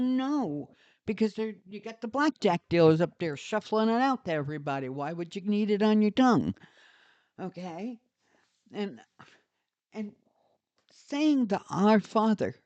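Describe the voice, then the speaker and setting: An older woman vents in an indignant, scornful monologue, heavy with sarcasm. Her voice is warm and mellow. The recording is dry and a little dull, like a lo-fi home setup. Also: mid-range voice, no room sound. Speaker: vlogger. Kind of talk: ranting monologue to camera.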